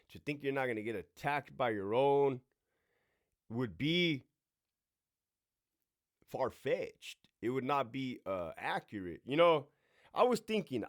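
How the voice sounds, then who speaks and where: A man in his forties, a former prison officer, hosting a casual, profane storytime monologue with sound effects and asides to himself. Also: mid-range voice. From California.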